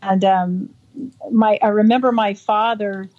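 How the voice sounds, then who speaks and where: A woman interviewed about a childhood memory, talking in halting bursts with many restarts and acting out the voices she quotes. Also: medium pitch, fairly even intonation. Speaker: interview guest. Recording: dull lo-fi audio.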